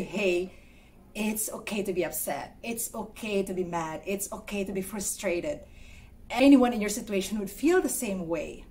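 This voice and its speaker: A woman vlogger talking to camera in a soft, earnest, encouraging way, walking viewers through mindfulness steps. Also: medium pitch, slight background noise. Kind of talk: gentle instructional talk to camera.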